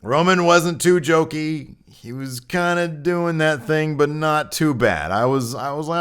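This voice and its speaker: A man's voice: mid-range voice, measured pace, a bit bright, clear, resonant tone. A man hosting a wrestling podcast, giving a blunt, opinionated recap in casual chat and swearing freely.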